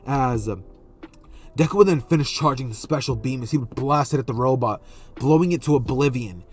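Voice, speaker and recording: A man casually improvising a fan story, rambling along and stopping to correct himself. His voice sits at an ordinary middle pitch. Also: fairly quick.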